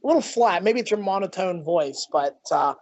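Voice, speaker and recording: A man's voice: high-pitched, expressive, moderate pace, a little hiss or hum. A man doing casual play-by-play commentary for an online hockey league, upbeat and stumbling over repeated words. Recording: dull lo-fi stream audio.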